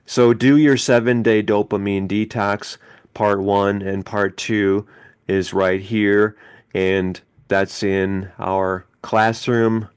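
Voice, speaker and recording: A man's voice: lowish voice, darkish tone, clean tone. A middle-aged man hosting a motivational self-help podcast, preaching emphatically and leading listeners in chanted mantras. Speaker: podcast host.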